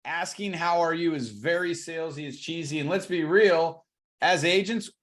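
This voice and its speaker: A man coaching on cold calling, energetic and acting out both sides of the calls. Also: fairly high pitch, normal speed. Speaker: real estate coach.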